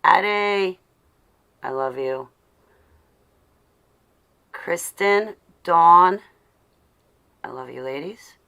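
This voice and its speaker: Fairly low, smooth and creaky, this woman's voice is expressive, and she speaks extremely slowly with frequent pauses. She's a livestream host chatting casually with viewers and muttering while she looks for something. She sounds flustered, talking to herself, but gives viewers affectionate shout-outs.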